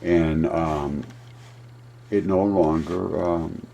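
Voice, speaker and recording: A man talking through a map in a casual, rambling monologue, often laughing at his own ideas and getting excited. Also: deep voice, extremely slow, vocal fry. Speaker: video presenter.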